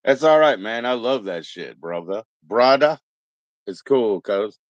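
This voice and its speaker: A man's voice: on the low side, expressive, unhurried, dry recording, dull audio. A man chatting casually on a live stream, rambling and laid-back as he greets viewers one by one. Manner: rambling, laid-back, greets chat members, mock Aussie slang. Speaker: livestream host.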